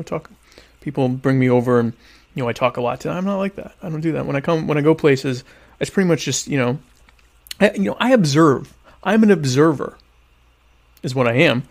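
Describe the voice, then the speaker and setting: A man chatting casually to viewers while eating dinner, rambling and joking with deadpan irony about being a quiet type. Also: on the high side, vocal fry. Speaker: vlogger answering viewer questions. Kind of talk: casual comedic chat.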